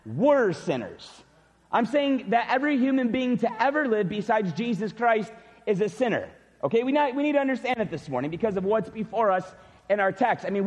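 A middle-aged man preaching a sermon, telling a personal story in an animated way. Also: very high-pitched, big-room sound. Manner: animated storytelling, shouts when acting out cheers. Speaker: pastor. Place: church sanctuary.

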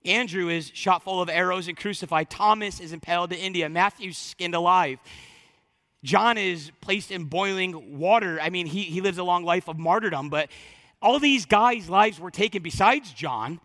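A pastor preaching to his congregation, swinging from loud emphatic lines to hushed, slow ones. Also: sits high, long reverb tail. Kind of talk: sermon.

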